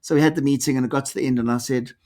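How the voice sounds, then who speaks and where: A man's voice: medium pitch, rapid-fire. A middle-aged man speaks in a mid-range voice as a guest in a conversational interview. He tells stories animatedly and slips into the voices of the people in them. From South Africa. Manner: animated storyteller, acts out quoted dialogue. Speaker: executive coach guest.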